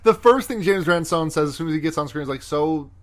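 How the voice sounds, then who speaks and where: A man's voice: on the high side, expressive, fast talker. A man hosting a podcast, casually retelling a movie scene by scene and quoting lines in playful put-on voices. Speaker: podcast host. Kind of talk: casual chat.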